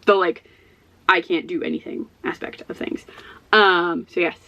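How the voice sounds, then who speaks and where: A woman's voice: fairly low pitch, steady tone, normal speed, sharp tone, muffled recording. A stressed woman rambling to her camera in a casual book vlog. She talks in loose, self-deprecating asides, breaking into small laughs as she goes, recorded in her own office. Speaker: book vlogger.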